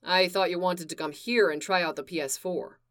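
A woman voicing an anxious teenage boy in a storybook reading, speaking softly with halting restarts. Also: fairly low pitch, steady tone, clean tone, close to an everyday voice. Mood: flat. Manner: hesitant, halting and soft.

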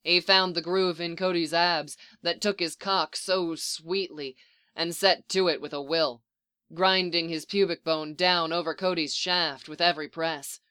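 A narrator reading a story aloud in an even, measured way. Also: mid-range voice, clear, resonant tone. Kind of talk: audiobook reading of fan fiction.

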